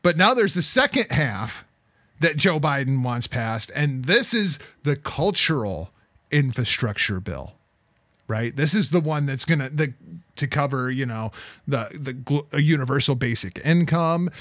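A man co-hosting a heated political talk podcast, profane and exasperated, swinging between loud outbursts and low muttering. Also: animated, unhurried, no echo. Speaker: podcast co-host.

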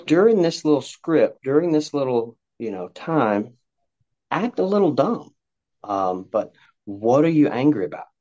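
Animated man, dull lo-fi sound. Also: mid-range voice, measured pace. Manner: animated, acts out parent-child dialogue. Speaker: guest, youth counselor. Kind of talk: conversational podcast advice. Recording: dull lo-fi audio.

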